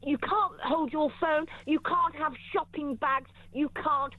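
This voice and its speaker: A woman's voice: high voice, fairly even intonation, unhurried, dry recording. A woman joining a talk show by phone, emphatic and repeating her points for effect. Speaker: guest on a phone line. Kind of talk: opinionated talk show debate. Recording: dry, tinny phone line.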